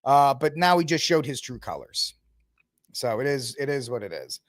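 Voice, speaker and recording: A man's voice: medium pitch, very animated, moderate pace, no room sound, clean studio sound. A man hosting a podcast, ranting with sarcasm and mocking impressions in a heated political commentary. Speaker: podcast host.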